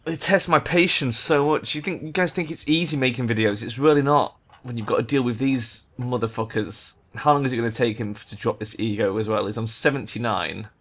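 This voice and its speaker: A man's voice: mid-range voice, fairly quick, hardly any pauses. Sweary man commentating a game. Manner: exasperated, swears a lot, bursts into loud rants. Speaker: gaming YouTuber.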